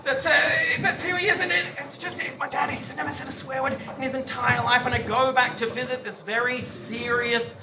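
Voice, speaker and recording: A man doing a stand-up routine, animated and swearing freely, with loud outbursts before a live audience. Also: very high voice, a little fast, vocal fry, few pauses, music in the background. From Australia. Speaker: stand-up comedian. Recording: echoey live venue from far off. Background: audience laughter and crowd noise.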